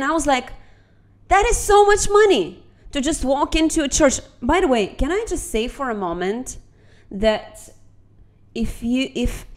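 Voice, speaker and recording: Chatty young woman, non-native English. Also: on the high side. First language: not English. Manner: chatty, animated, swears casually. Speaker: vlogger. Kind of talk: casual storytime vlog.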